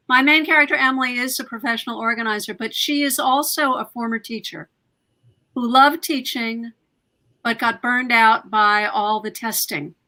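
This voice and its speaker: A middle-aged woman speaking as an author on a video-call panel, animated and self-deprecating. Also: a little high, rough recording. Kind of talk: casual panel discussion.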